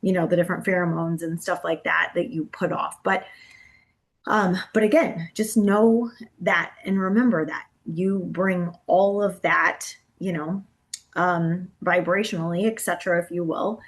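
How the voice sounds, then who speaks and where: A woman with a fairly low voice gives an educational talk to caregivers. She speaks casually, sprinkling in "you know" and "um", and keeps a gentle, encouraging tone. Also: fairly even intonation, measured pace. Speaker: presenter on brain health.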